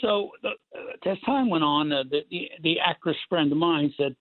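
An older man telling rambling, animated stories as a guest actor, with many restarts. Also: fairly high pitch, normal speed. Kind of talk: casual storytelling interview. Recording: tinny phone line, dry.

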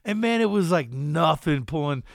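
Middle-aged male podcast co-host, high voice, dry close sound, energetic folksy delivery. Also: normal speed, creaky, no echo. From Colorado. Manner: energetic, folksy, lots of "man" and "you know". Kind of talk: casual car podcast chat.

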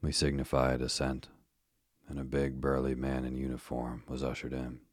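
A man reading a first-person story aloud in a measured, steady way. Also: a bass voice, no echo, studio quality. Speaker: audiobook narrator. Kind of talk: scripted first-person narration.

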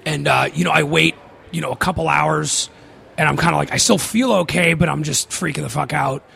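A man's voice: a little high, brisk, creaky, sharp tone, husky. A man telling a long personal story in casual podcast talk, rambling and swearing, with many fillers.

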